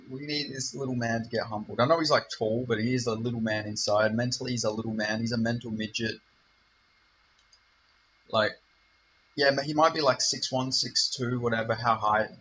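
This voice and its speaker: A man's voice: medium pitch, sharp tone, slight background noise. A man hosting his own channel, ranting with heavy swearing and rambling asides. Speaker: channel host. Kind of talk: profane rant to camera. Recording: dull lo-fi recording.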